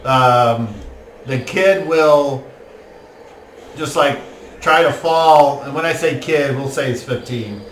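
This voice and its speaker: A man running a tabletop game as game master, excitable and quick to burst into laughter and shouts. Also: medium pitch. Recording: roomy, distant mic with faint noise.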